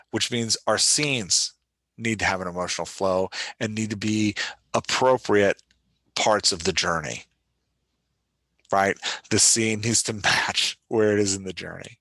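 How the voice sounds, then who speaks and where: Southern guy hosting a writing podcast alone, bright edgy voice, keeps saying right?. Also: low voice, no echo. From Louisiana. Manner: self-deprecating, keeps checking in with "right?". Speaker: podcast host. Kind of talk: solo teaching talk on writing.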